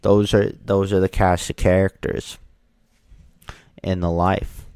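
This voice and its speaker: A man telling casual stories in a rambling, halting monologue, often restarting his sentences. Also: deep voice, level tone, a little mellow, smooth, no echo, studio quality.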